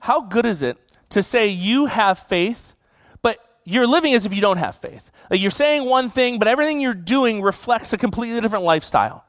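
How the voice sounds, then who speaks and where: A man's voice: high voice, expressive, brisk, a bit bright, no echo. A young adult man giving a casual sermon as a guest preacher, conversational and joking, with many "like" fillers.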